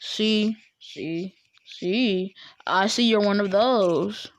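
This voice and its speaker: A woman's voice: mid-range voice, drawn-out words, a little hiss or hum. A woman voicing a stubborn, teasing teen girl ninja.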